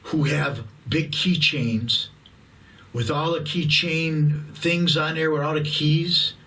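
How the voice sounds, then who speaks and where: A man in his fifties delivers a blunt, profanity-laced rant, stretching his words out for emphasis. His voice sits a little high for a man and has a bright, forceful edge. He sounds a bit distant from the microphone. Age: 50s. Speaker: YouTube host. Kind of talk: profane ranting monologue.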